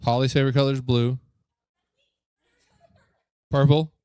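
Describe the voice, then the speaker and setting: A man leading a youth group as its pastor, upbeat and joking, coaxing the crowd with quick questions. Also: mid-range voice, flat delivery, mellow, clear, resonant tone, dry recording, clean studio sound. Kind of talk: lively talk to a youth group. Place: church youth room.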